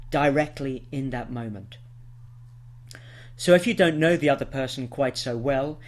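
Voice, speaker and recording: Man teaching an English lesson. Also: on the high side. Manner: clear, patient explaining with spoken example sentences. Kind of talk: scripted lesson to camera.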